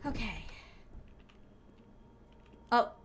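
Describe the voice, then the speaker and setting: A young woman streaming a horror game, giving excitable live commentary and talking to herself and her chat as she plays. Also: drawn-out words, slight background noise. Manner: excitable, talks to herself and chat while playing.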